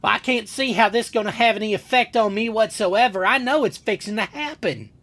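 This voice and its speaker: A woman's voice: a little high, fairly quick, a bit bright. A woman playing a meek rural wife who talks in a plain, mild way. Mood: calm.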